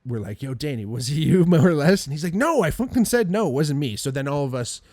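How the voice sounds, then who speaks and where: A man telling a story in casual chat, animated, acting out quotes, swearing and laughing often. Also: mid-range voice, fast talker, no echo, clean studio sound. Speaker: podcast guest.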